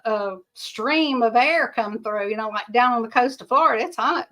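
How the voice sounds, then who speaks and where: A woman's voice: on the high side, fairly bright tone. Folksy older woman streaming live. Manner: folksy, rambling, chatty. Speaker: livestream host. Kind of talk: casual livestream chat, reading viewer comments.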